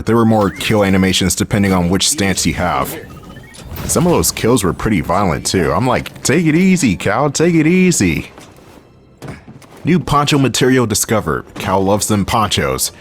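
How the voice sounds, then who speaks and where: Sitting low in pitch, this Philadelphia-area man talks over faint game music as a let's-play host. He keeps his gameplay commentary loose and dry-humored in his local accent, cracking jokes to himself and cursing from time to time.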